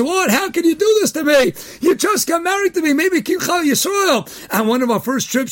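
Animated joking man, very high voice. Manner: joking, animated storyteller, shouts punchlines. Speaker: host. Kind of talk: upbeat daily pep talk with jokes.

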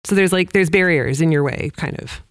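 A woman's voice: lowish voice, normal speed, clean tone, dry recording. A woman hosting a podcast interview, casual and conversational, asking follow-up questions. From Canada. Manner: casual, conversational, laughs lightly. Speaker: podcast host.

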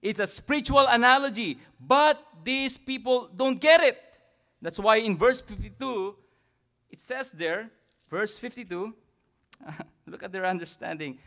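With a very high-pitched voice and an unhurried pace, a man with a Filipino accent preaches as a pastor. He is animated and frequently ends lines with "isn't it?" or "amen?".

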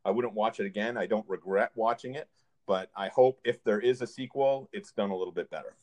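A man co-hosting a casual movie review podcast, summarizing plots in a measured, plainly critical way. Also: lowish voice, darkish tone. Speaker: podcast co-host.

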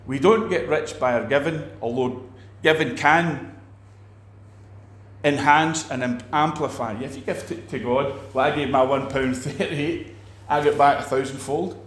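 Animated preacher man, echoey room. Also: mid-range voice, unhurried. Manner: animated, acts out quoted preachers, many restarts. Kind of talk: conversational teaching on faith.

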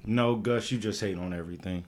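A man's voice: lowish voice, a little fast. Blunt, profane man on a podcast. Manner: blunt, profane, laughs often. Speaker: podcast co-host. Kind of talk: casual chat.

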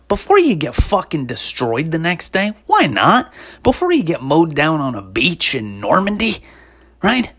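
A woman's voice: fairly low pitch, husky. A woman hosting a podcast in a casual monologue, ranting with sarcasm and lots of swearing and rambling between topics. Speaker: podcast host; former stand-up comic.

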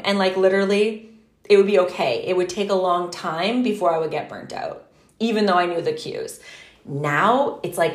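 A woman's voice: fairly low pitch, roomy sound. A woman co-hosting a podcast in casual chat, talking animatedly, full of "like" and casual swearing. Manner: animated, fillers with "like", swears freely. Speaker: podcast co-host.

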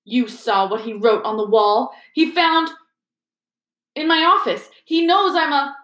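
A woman's voice: high voice, fairly even intonation, a little slow, fairly bright tone, pitched above the performer's own voice. A woman voicing a grief-stricken old male caretaker who shrieks accusations. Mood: shrill accusing. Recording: roomy echo.

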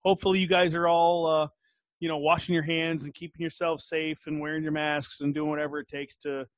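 A man co-hosts a casual podcast in a slightly high voice, halting often with "uh" and "you know". The recording is dry and close, with no room sound. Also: level tone, no echo. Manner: hesitant, heavy with fillers like uh and you know. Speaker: podcast co-host.

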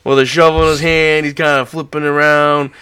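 A man with a voice a touch higher than most tells stories in a loose, rambling way, full of fillers and constant swearing. He gets animated as he goes, co-hosting a casual chat. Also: brisk, clear, resonant tone, no room sound. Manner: animated storytelling. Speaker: podcast co-host.

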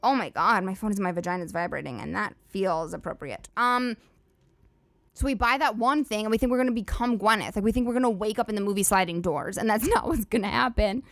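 A woman's voice: medium pitch, fast, dry recording. A woman hosting a solo comedy podcast, rambling and swearing freely with lots of "like" fillers. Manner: profane, rambling, filler-heavy "like" talk. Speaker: podcast host.

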